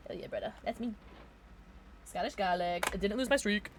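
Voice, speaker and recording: A woman's voice: mid-range voice, fast talker, background noise. Tired, chatty woman streamer. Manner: chatty and rambling, reading out viewers' names, laughing often. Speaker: livestreamer. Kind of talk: casual chat with viewers while gaming.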